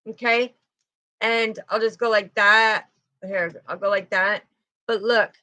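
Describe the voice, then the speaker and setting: A woman's voice: on the high side, a bit bright, no room sound. A woman giving a casual spiritual tarot card reading, chatty and talking straight to her viewers. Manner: chatty, with frequent "you know" and "okay". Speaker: intuitive tarot reader.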